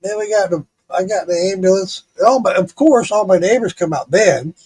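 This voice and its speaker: A man's voice: high-pitched, brisk, breathy edge. A middle-aged man streaming live, telling a story in a casual, profane way, laughing often. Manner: profane, laughing, animated retelling.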